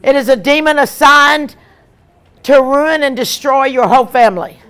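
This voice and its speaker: A woman evangelist, preaching an emphatic, animated sermon with repeated lines. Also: high voice, normal speed.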